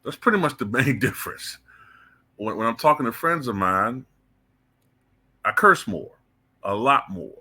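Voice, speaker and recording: A man's voice: medium pitch, lively intonation, measured pace, pauses often, bright, forceful tone, breathy edge. A man giving blunt, heated opinion commentary as the channel's host, cursing freely. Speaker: political commentator.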